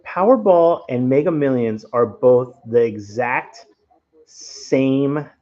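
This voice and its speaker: Late at night, from his home, a Rhode Island-accented man hosts a casual livestream, rambling and talking right to his audience. He speaks slowly with a medium-pitched, dark-toned voice, and the highs are cut off.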